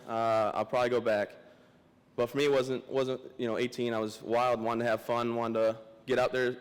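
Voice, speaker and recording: A young man giving a memorial speech as a guest speaker, joking and self-deprecating, halting and emotional, close to tears. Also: medium pitch. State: emotional, teary. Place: large memorial hall. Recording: long hall reverb.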